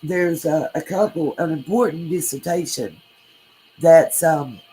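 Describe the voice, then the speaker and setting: A woman's voice: sits low, measured pace, warm tone, low-quality recording. Chatty woman livestreaming. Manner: chatty, emotional, thanks viewers by name. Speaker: true crime livestream host. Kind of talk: casual livestream talk, reading chat.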